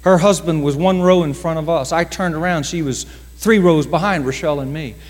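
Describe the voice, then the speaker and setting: A male pastor telling a story in a sermon, dramatic, slowing down for emphasis and acting out the voices of others. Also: on the high side, big-room sound. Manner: dramatic storytelling with slowed emphasis and acted quotes.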